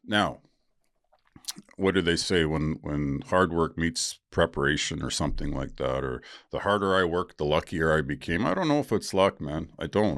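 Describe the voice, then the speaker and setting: Middle-aged male podcast host, very low voice, dry close sound, blunt and profane, rambles with lots of ums. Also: animated, measured pace, long pauses, a bit bright, no echo. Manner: candid, profane, rambling with many fillers. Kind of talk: casual solo podcast talk.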